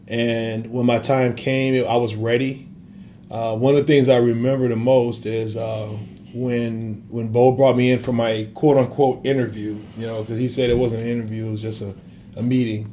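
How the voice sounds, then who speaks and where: Earnest man, mellow voice, reminiscing. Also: mid-range voice, flat delivery, normal speed, a little hiss or hum. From Wisconsin. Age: 30s. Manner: earnest, many fillers. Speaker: assistant basketball coach. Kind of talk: reflective interview answers.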